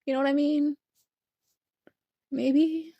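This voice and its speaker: A woman's voice: high-pitched, little pitch movement, dark tone, dry recording, muffled recording. A woman co-hosting a podcast, casually recapping a film in a rambling way and acting out characters' lines. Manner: rambling, acts out lines in quick voices. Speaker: podcast co-host.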